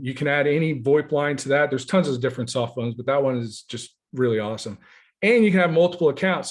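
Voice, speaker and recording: A man walking through his software in a casual webinar, talking in a rambling, enthusiastic way with many fillers. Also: a little high. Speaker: software founder giving a demo.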